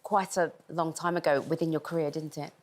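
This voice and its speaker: Female chat show host, soft prompting questions, lowish voice. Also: fairly even intonation, a little fast. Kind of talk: interview questions.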